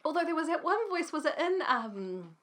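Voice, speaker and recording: A woman's voice: sits high, sing-song, moderate pace, fairly bright tone, slight background noise. A woman co-hosting a let's play, chatting casually while she plays, swearing and laughing often. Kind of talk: casual gameplay chat.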